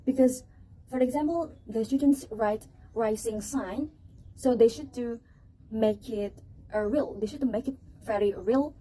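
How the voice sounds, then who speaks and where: A woman's voice: a little high, a little slow, dark tone, husky, rough recording. A woman presenting a teaching project to a class, hesitant, with fillers and restarts.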